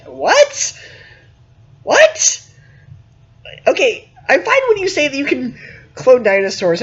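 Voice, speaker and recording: A man giving a casual spoken movie review, animated and emphatic, with many fillers. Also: sits high, dull audio.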